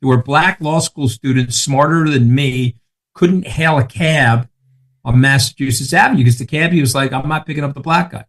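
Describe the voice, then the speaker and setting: A man's voice: mid-range voice, normal speed. Brash Long Island man in his sixties. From Long Island, New York. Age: 60s. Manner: brash, emphatic storyteller who swears. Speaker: guest. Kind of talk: casual podcast chat.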